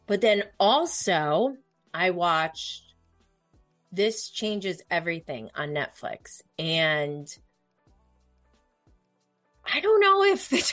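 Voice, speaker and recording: Woman, young adult, solo podcast host, slow rambling talk, emotional, dry close mic. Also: a little high, no room sound. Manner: excitable, emotional, rambling with fillers. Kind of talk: casual solo podcast chat. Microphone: podcast microphone.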